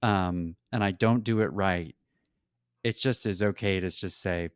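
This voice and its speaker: Male coach co-hosting, very deep voice, dry close sound, reflective, halting. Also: clear, resonant tone, dry recording. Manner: reflective, halting, thinking aloud. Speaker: podcast co-host, coach. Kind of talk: conversational podcast chat.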